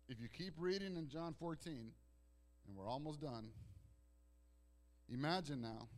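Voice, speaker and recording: A male pastor preaching a sermon in a conversational storytelling way. He drops to soft, hushed lines and then rises to loud, emphatic outbursts. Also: fairly high pitch, a little slow, long pauses. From Italian heritage.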